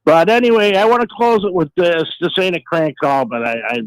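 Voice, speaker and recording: A man's voice: high-pitched, sing-song, fairly quick, smooth, dry recording, rough recording. A man with a Boston accent calling in to a talk show, speaking in a plainspoken, blunt way. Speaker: caller. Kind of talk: call-in radio chat.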